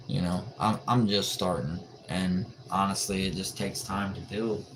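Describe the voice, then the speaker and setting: A man's voice: sits low, fairly even intonation, unhurried, fairly bright tone. A tired man chatting casually on a late-night livestream, joking and answering viewers' comments in a laid-back way. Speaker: livestream host. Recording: noisy livestream audio.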